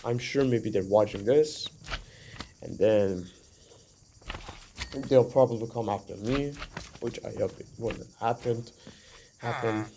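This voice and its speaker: A man's voice: medium pitch, takes it slowly, long pauses, dark tone, slight background noise. A young man from Iran giving a rambling, earnest opinion monologue to the camera, full of "like" and "you know". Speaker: vlogger.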